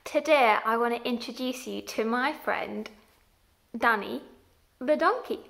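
Woman, children's group leader, sing-song and encouraging, slow, bright tone. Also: fairly high pitch, creaky. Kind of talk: addressing small children on video.

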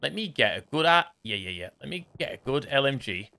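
A man giving casual running commentary while playing a shooter game, muttering to himself and reacting quickly. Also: mid-range voice, sing-song, creaky, pushed and bright. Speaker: gaming streamer. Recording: faint gunfire under voice.

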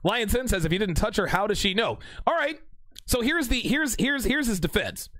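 A young man hosting a livestream, reading out chat messages with animated, joking banter and mock courtroom lines. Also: high voice, normal speed, no room sound.

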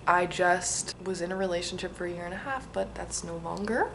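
A woman in her twenties reading aloud a letter she wrote to herself and answering its questions in a casual, chatty, excitable and reflective way. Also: lowish voice, a little fast, vocal fry, few pauses, slight background noise. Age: 20s.

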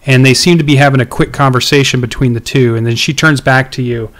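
A male game master narrating a tabletop session. He stumbles, restarts and fills pauses with ums. His voice sits at an ordinary male pitch. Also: fairly even intonation, fairly bright tone. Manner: hesitant, many ums and restarts.

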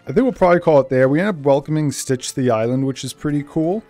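A young man with a Boston accent, rambling casually as he hosts a game let's play and bursting into excitement now and then. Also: on the high side, fast, faint music behind. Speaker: gaming channel host.

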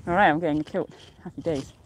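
A young woman streams live from a mountain summit, chatting loosely and cheerfully in a slightly low voice. She rambles from thought to thought and laughs often, recorded outdoors on a handheld phone. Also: fast, a little hiss or hum. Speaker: outdoor vlogger. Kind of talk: casual live-stream chat.

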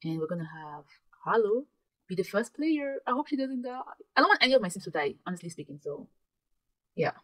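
A young woman giving dramatic, excitable commentary while playing a life-simulation game, often gasping and exclaiming. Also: medium pitch, a little fast. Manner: dramatic, gasps and exclaims, ends points with "okay?". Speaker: gaming YouTuber.

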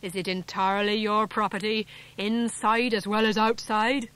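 A grim, bearded farmer speaks in a stern, deliberate storybook voice, sitting at an ordinary pitch. A woman reads him with little change from her narration. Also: level tone, fairly bright tone, lightly acted, poor audio.

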